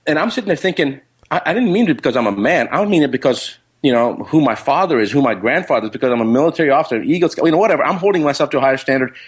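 Husky-voiced man telling a story. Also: medium pitch, rapid-fire, hardly any pauses. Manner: animated, rambling with restarts and quoted dialogue. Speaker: guest. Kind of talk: casual storytelling.

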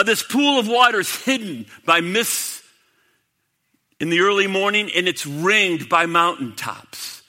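A man preaching a sermon to a congregation, dramatic, swinging from loud to hushed. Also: high-pitched. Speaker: pastor. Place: church sanctuary. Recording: long hall reverb.

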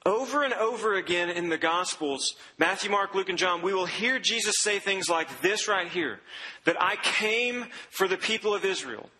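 A man's voice: sits high, expressive, moderate pace, sharp tone, in a large hall, rough recording. A man preaching a sermon in a conversational way, quoting scripture and acting out what people said. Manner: conversational preaching, quotes scripture and acts out voices. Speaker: pastor.

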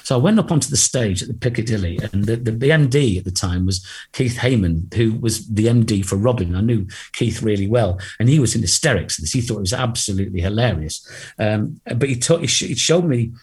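A husky, fairly low-voiced middle-aged man tells a rambling anecdote as an interview guest. He acts out the people in his story and laughs along the way. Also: expressive, a little fast, a little mellow. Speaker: guest singer.

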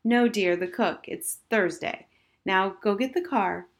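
A woman's voice: medium pitch, measured pace, natural voice. A woman voicing an airy, absent-minded mother who calls people dear, in a storybook reading. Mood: breezy.

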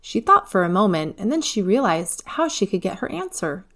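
A woman's voice: medium pitch, very animated, moderate pace, a bit bright. Woman reading a children's story. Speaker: narrator.

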